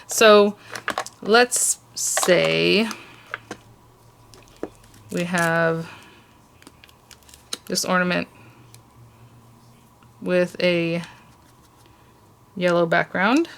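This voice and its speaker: A woman's voice: lowish voice, vocal fry, a little hiss or hum. A woman hosting a casual crafting tutorial, chatty and gushing over cute details as she works.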